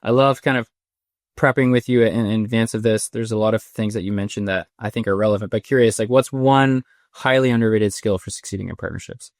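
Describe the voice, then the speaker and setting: A man's voice: on the low side, brisk, no room sound, studio quality. A man in his thirties hosting a podcast interview, chatty and rambling, with many restarts in his questions. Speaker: podcast host. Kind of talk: conversational interview.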